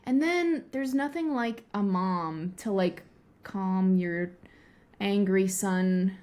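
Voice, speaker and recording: A woman's voice: medium pitch, slow pace, a little mellow. A woman co-hosting a podcast, chatting casually about a TV episode, rambling with lots of fillers and laughing easily. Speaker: podcast co-host. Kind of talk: casual chat recapping a TV episode.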